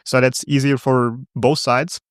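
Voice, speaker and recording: A man co-hosting a podcast in casual chat, talking in a measured, hesitant way with frequent fillers. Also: medium pitch, level tone, no echo, studio quality. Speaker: podcast co-host.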